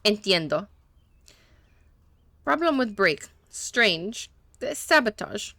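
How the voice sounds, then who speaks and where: A woman plays a nervous male mechanic in a game, speaking broken English in a mock Spanish accent and hurrying through denials. The voice sits in a middle pitch and sounds dry and close. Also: very animated, takes it slowly, pushed and bright, no room sound, full character voice. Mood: evasive.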